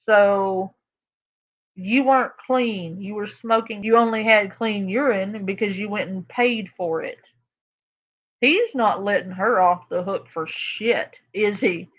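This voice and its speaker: A woman's voice: mid-range voice, measured pace, lo-fi sound. A woman hosting a reaction video, commenting casually with sarcasm. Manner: sarcastic, laughing.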